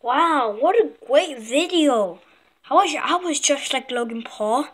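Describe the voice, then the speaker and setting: A high-voiced woman performs a silly skit with toy characters, switching between teasing lines and mock slang. Her delivery is playful and quick to tease. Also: animated, a bit bright. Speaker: skit maker.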